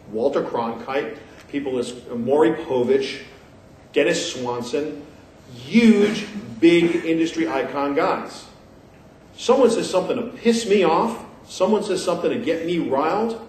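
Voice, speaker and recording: A man giving an animated conference talk, emphatic and sarcastic, repeating his points for effect. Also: on the high side, a little hiss or hum. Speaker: conference speaker. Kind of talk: animated lecture to an audience. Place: conference hall. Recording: echoey room picked up from a distance.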